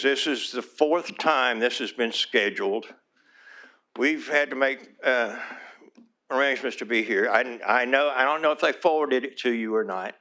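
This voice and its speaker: A man's voice: medium pitch, bright, forceful tone. Pleading small-town mayor, a man. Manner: earnest and pleading, repeats "please", voice turns emotional. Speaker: small-town mayor speaking at a city board meeting. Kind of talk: public comment at a city council meeting.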